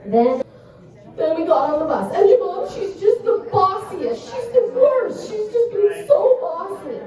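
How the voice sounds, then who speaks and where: A woman's voice: extremely high pitch, lively intonation, a little slow, warm tone, voice pushed up. A woman doing the voice of a small girl who is tearful and indignant, insisting she was in the right. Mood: whiny tearful. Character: weepy, indignant little girl telling on a friend. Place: small comedy club stage. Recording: echoey club heard from a distance.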